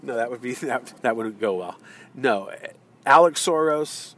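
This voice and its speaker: A man's voice: mid-range voice, expressive, a little slow, fairly bright tone, no room sound. A man in his car in traffic, ranting in a heated, rambling way with many fillers and restarts. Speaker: vlogger. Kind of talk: ranting political monologue.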